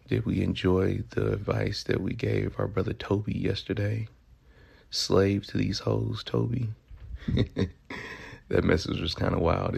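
Gravelly, husky Southern man. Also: low voice, a little mellow. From Memphis, Tennessee. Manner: loose, profane, joking. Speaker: podcast host. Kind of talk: casual solo podcast monologue.

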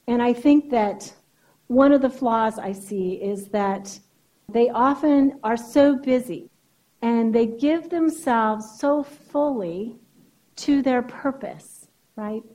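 Woman, keynote speech, conversational lecturing, slightly high voice. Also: slow pace, a little mellow, low-quality recording. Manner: conversational lecturing, asks "right?". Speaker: sex therapist giving a keynote.

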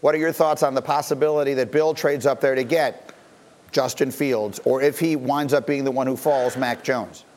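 A man hosting a sports talk show, moderating his panel with brisk, wry remarks. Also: mid-range voice, steady tone, a little mellow. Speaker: host.

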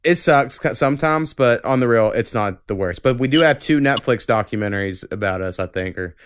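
A man from southern Oklahoma hosting a casual podcast, talking in relaxed, profane, loose bursts. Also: medium pitch, brisk, smooth, no room sound, studio quality. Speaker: podcast host.

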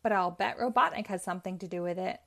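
A woman's voice: lowish voice, quick pace, vocal fry, a bit bright. A woman reading the part of an eager, confident young hedgehog hero.

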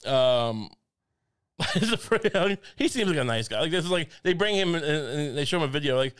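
A man's voice: on the high side, animated, a little fast, a bit bright, clean tone. A man co-hosting a comedy podcast, rambling and stammering through jokes and laughing at his own bits. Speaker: podcast co-host. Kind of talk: casual comedic chat.

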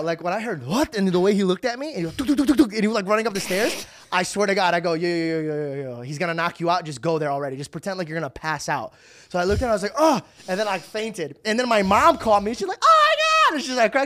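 A man in his thirties hosting a podcast, telling stories with acted-out voices and lots of swearing. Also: sits high. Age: 30s. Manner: animated storyteller acting out voices, swears freely. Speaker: podcast host. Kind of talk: casual chat.

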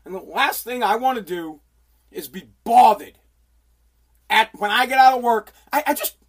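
A man's voice: very high-pitched, lively intonation, normal speed. A man, a radio personality, venting in a profane, exasperated ranting monologue, circling back and repeating himself.

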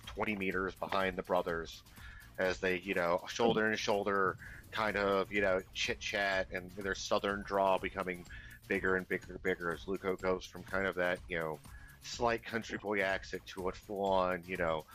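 A man's voice: low voice, level tone, normal speed, fairly bright tone, faint music behind, rough recording. A man narrating as game master of a tabletop game, rambling with many fillers.

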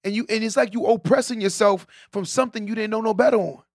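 A high-voiced man talks fast while hosting a live stream as a podcast host, giving his viewers a preachy motivational talk. He repeats his key lines, often tagging them with "right?", and the recording is dry with clean studio sound.

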